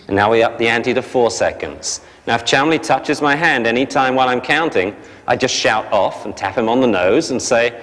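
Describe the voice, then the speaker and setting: A man teaching a dog training class, explaining briskly and barking short sharp commands at the dogs. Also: medium pitch. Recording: long hall reverb.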